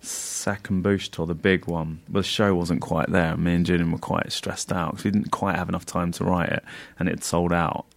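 A man's voice: low-pitched, flat delivery, normal speed, gravelly. A man being interviewed as a guest comedian, telling rambling anecdotes in casual chat, laughing often and slipping into funny voices when quoting friends.

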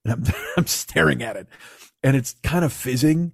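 A man's voice: mid-range voice, moderate pace, vocal fry, slightly rough, no echo, clean studio sound. A man casually telling a long, rambling, profane and self-mocking story to his co-host.

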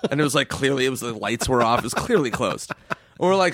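A man telling stories in casual chat, laughing often, swearing and acting out quotes in a higher voice. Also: animated, quick pace, a bit bright, no echo, clean studio sound.

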